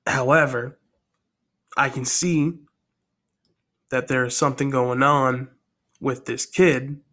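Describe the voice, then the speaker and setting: A stubborn small-town sheriff, male and dismissive, as a storyteller puts him on. He talks in a haughty, curt way, brushing off trouble. His voice sits at an ordinary middle pitch. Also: little pitch movement, slow pace, bright, forceful tone. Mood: stern.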